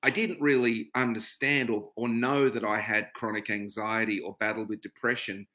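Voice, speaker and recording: A man's voice: on the low side, flat delivery, normal speed, sharp tone. A middle-aged man with an Australian accent hosting a casual livestream, greeting viewers by name and talking openly about his own experiences. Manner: chatty, greets viewers by name, turns to a reflective personal talk. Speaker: livestream host. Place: home.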